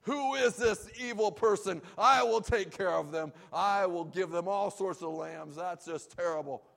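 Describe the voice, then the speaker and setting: A man voicing an indignant ancient king, shouting his outrage in a raised, high voice. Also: unhurried, creaky, big-room sound, heavily acted. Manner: loud, high-pitched outrage.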